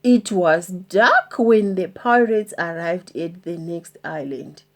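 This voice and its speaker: A woman reading a children's storybook aloud in an expressive, deliberate manner. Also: fairly low pitch.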